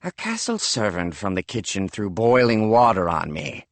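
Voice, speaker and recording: A cold, slow-talking enemy commander with a low voice, as a male audiobook narrator puts him on. He is menacing and talks with a lively swing in pitch. The reading is dry and close. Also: no room sound. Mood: suspicious.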